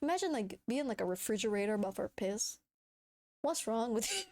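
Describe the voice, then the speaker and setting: A woman's voice: a little high, very animated, normal speed, darkish tone. A young woman streaming, chatting casually with her viewers, giggling often and swearing freely. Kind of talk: casual chat reading viewer messages.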